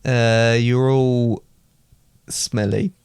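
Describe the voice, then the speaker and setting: A man's voice: mid-range voice, fairly even intonation, extremely slow, darkish tone, clear, resonant tone, no echo, studio quality. A young man from Britain, co-hosting a podcast with his father, chatty and hesitant with lots of fillers. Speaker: podcast co-host, son. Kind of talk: joking banter.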